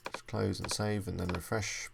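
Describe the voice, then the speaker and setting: Gravelly low-voiced man talking through a tutorial. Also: level tone, normal speed, background noise. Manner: casual, thinks aloud while clicking through steps. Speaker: web design tutorial presenter. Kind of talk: screen-recorded software walkthrough.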